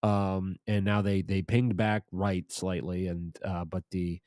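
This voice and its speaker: A man's voice: low voice, level tone, a little slow, a little mellow, dry recording, clean studio sound. A man appearing as a guest on a podcast, talking casually with many hesitations and fillers. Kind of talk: casual chat.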